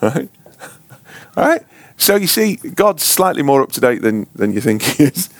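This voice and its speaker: Slow, lively teacher. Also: male voice, medium pitch, no echo. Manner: rambling, self-interrupting, joking. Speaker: ministry school teacher. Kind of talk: informal Bible teaching.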